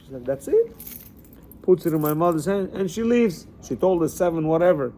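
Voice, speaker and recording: A man teaching a class to a small group of men, talking in an animated, conversational way and repeating his words as he goes. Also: a little high, fast, slight background noise. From Central Asia, Bukharan Jewish family. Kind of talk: lecture with stories.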